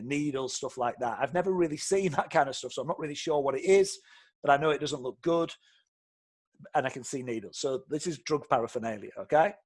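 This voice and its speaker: A man, a property investor telling a story in a lively, conversational way and often checking in with "okay?". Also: on the high side. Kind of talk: storytelling talk.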